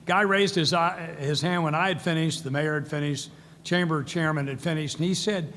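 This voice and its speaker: A man's voice: fairly high pitch, steady tone, normal speed, a bit bright, a little hiss or hum. Older man speaking in a reverberant hall. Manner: storytelling, acts out quoted voices. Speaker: keynote speaker. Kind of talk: speech. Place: large event hall. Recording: long hall reverb, faint ambience.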